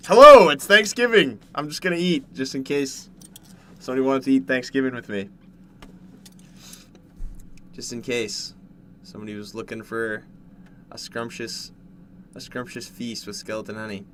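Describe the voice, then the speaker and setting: A man from Canada, streaming casually from home while eating, jumping from loud yelps to low mumbles. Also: normal speed, long pauses, a little hiss or hum. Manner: excitable, jumps to loud yelps then mumbles. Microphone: desk mic, no headset.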